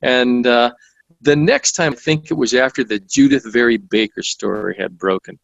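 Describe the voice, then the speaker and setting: A man's voice: medium pitch, normal speed, gravelly, no room sound, muffled recording. Man telling stories in a dry close recording. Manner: storytelling with many restarts and fillers. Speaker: author and guest. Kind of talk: conversational interview.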